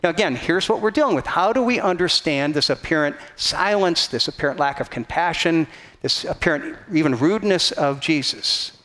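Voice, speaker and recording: A man's voice: fairly high pitch, animated, moderate pace, pushed and bright. A man pastor preaching a conversational sermon, teaching from a map and reading scripture aloud with frequent restarts.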